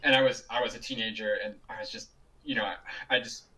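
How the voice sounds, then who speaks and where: Bright-voiced man, chatty, distant call mic. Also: mid-range voice, steady tone, fast. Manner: chatty, laughs often, many restarts. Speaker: juggler and guest. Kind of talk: casual storytelling interview. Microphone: video call.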